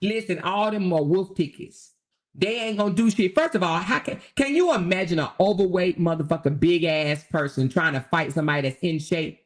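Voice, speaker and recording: A woman's voice: lowish voice, normal speed. A woman, hosting a livestream and ranting in a profane, confrontational way, again and again asking whether you hear her. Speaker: livestream host. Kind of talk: heated livestream rant.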